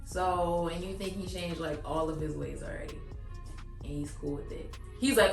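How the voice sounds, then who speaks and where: A woman's voice: fairly low pitch, normal speed, vocal fry. A woman co-hosting a podcast in casual chat, blunt and sassy, full of "like". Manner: blunt, sassy commentary with lots of "like". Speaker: podcast co-host. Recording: roomy room with faint music.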